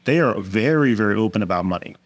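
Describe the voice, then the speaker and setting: A man's voice: lowish voice, fast. Man telling stories as a guest. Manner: animated, acts out other people's lines in raised voices. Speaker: interview guest. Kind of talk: candid storytelling conversation.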